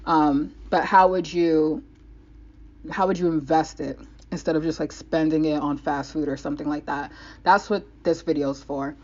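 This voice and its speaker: A woman's voice: deep voice, steady tone, normal speed, a little mellow, lo-fi sound. A young woman from the United States, a vlogger rambling in casual talk to the camera, restarting her sentences often.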